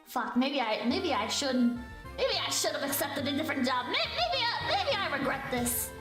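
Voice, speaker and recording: Woman host, casual stream chat, high and bouncy, playful and giggly, roomy echo. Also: expressive, normal speed, over music.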